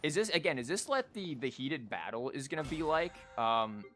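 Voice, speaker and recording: A man's voice: a little high, sing-song, moderate pace, a bit bright, faint music behind. A male streamer chatting casually on a livestream, rambling and stammering as he plays a card game and talks to chat.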